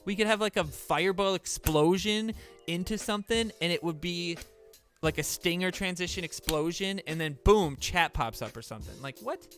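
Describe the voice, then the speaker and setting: An excitable young man talks through his stream in a bright, forceful voice that sits a little high. He swears freely and keeps exclaiming in disbelief. Faint music plays in the background. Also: normal speed. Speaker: gaming streamer. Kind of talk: casual stream chat and gameplay commentary.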